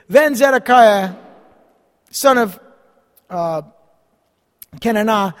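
A high-voiced man preaches a Bible study, reading the scripture aloud and breaking off for dry, sarcastic asides. His voice rings out with a long reverb tail, as if it fills a large hall. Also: gravelly. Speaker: pastor.

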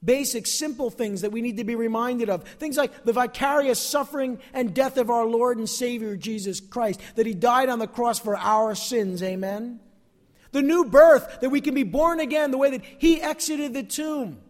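A man's voice: extremely high pitch, moderate pace. A male pastor preaching a sermon, asking the congregation questions and calling out "amen?". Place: church service. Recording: long hall reverb.

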